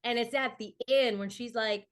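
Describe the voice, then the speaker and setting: A woman's voice: on the high side, fairly even intonation, moderate pace. A woman actress, a guest on a podcast, chatting casually and expressively and laughing often. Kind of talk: casual chat.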